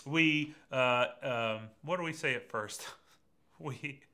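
A man preaching a conversational sermon, speaking directly to his listeners. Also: fairly high pitch. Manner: lively and conversational, addresses congregation directly. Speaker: pastor.

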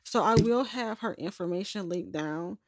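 A woman's voice: medium pitch, normal speed, no echo. A young adult woman hosting a personal podcast, talking candidly in a rambling, self-correcting way. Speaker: podcast host. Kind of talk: personal journal-style podcast monologue.

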